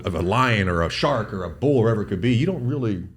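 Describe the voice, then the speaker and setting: A middle-aged man telling a hunting story in casual conversation, fast and profane, stumbling over repeated words when he gets excited. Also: lowish voice. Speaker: guest doctor.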